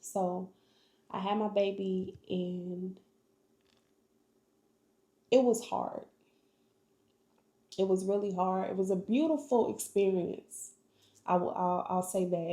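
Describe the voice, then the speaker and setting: A young woman shares her life story on a vlog, earnest and full of faith. Her voice is gravelly and mellow, and her delivery is slow. She sounds like she is in a room with a lot of echo. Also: medium pitch. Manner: earnest, emotional, faith-filled testimony. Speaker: vlogger. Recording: echoey room.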